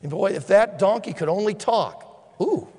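A male preacher giving a sermon as an animated storyteller who acts out the scenes and drops to a hushed tone for appeals. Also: high voice, normal speed, slight background noise. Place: church hall. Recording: long hall reverb.

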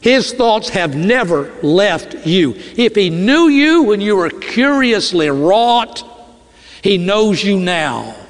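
A middle-aged pastor delivers an earnest sermon in a fairly high male voice. He slows and drops low to press key phrases home. The sound rings with a long reverb from a large hall. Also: sing-song.

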